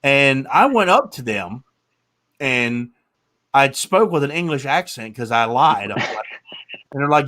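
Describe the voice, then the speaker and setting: A man's voice: medium pitch, lively intonation, moderate pace, fairly bright tone. A man in his thirties hosting a casual chat, telling rambling stories and swearing casually. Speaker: podcast host.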